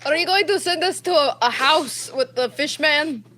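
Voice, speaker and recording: A woman's voice: sits high, normal speed, sharp tone, slight background noise. A woman playing a tabletop game, chatting bluntly and teasingly with casual swearing. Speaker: player.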